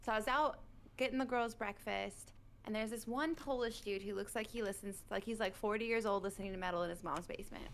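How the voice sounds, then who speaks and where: A woman in the military, telling a long, animated story in casual chat over online voice chat. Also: mid-range voice, brisk, gravelly. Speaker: military service member. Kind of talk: casual chat on a game stream.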